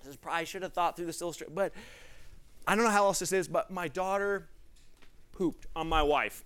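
A young man preaching a sermon through a personal story, animated, acting out the people in it and dropping to a hush at tender moments. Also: high-pitched, fairly quick, clear, resonant tone. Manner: animated, acts out the people in his stories; laughs between lines, drops to a hushed tone for tender moments.

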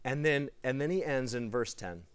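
A man giving a sermon to a live gathering, telling a personal story in an excitable, animated way. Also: mid-range voice, moderate pace, smooth. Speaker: preacher.

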